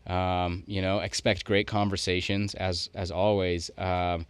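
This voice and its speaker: Deep-voiced, smooth podcast co-host man. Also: level tone, a little slow, no echo. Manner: loose, thinking aloud in long run-on sentences. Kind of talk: casual podcast chat.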